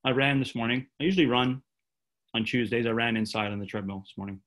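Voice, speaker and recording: A man talking as a podcast guest in a relaxed, halting way with many fillers. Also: mid-range voice. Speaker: podcast guest, gym founder. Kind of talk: casual conversation.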